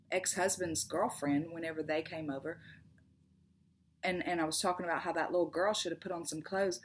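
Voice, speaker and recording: A middle-aged woman, hosting a casual vlog monologue, earnest and passionate, often stumbling and repeating her words. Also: fairly low pitch. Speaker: tarot channel host.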